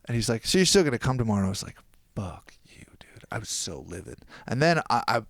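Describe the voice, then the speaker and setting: Rapid-fire and mid-range, this young New Jersey man's voice comes through in studio quality with no echo. He's a podcast guest casually telling a long story, animated and acting out whoever he quotes.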